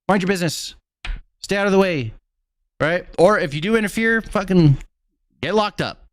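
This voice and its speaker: A man's voice: sits high, fairly quick, a bit bright, no echo, clean studio sound. A man hosting political reaction commentary, talking bluntly and mockingly and swearing freely as he reacts to clips. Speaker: commentary host.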